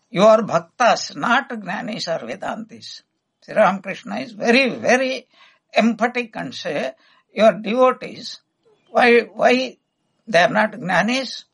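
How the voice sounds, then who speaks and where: A man giving an emphatic spiritual discourse, teaching through a steady stream of rhetorical questions. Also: high voice, gravelly, breathy edge, low-quality recording.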